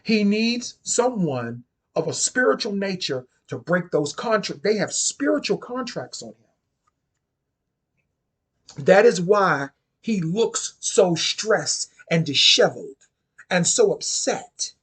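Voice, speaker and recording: A man's voice: high voice, big pitch swings, measured pace, a bit bright, husky. A man giving casual spoken commentary on occult topics, sassy and chatty, often repeating and restarting his phrases.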